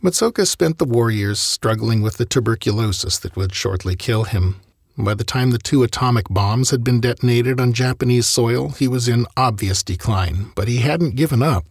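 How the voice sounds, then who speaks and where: A man's voice: medium pitch, expressive, moderate pace, slightly rough, dry recording, clean studio sound. A man narrating a history story in a scripted style, with wry conversational asides.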